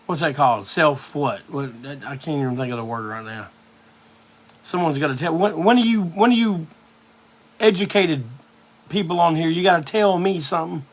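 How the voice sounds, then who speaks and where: High-voiced profane man rambling. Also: animated, normal speed. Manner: profane, drawling storyteller. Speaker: host of a live music show. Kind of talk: casual rambling monologue.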